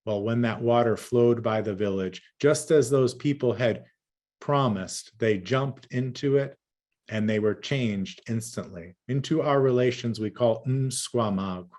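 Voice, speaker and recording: A man who is a storyteller, telling a traditional tale and answering questions in a rhythmic, measured way over a video call. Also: medium pitch, darkish tone. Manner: rhythmic, measured, lingers on native words.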